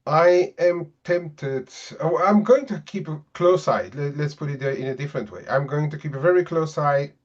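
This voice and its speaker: A man with a slightly higher voice talks casually and hesitantly about his trades, full of pauses and fillers. His voice comes through muffled, lo-fi call audio. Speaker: trader guest. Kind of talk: live market webinar chat.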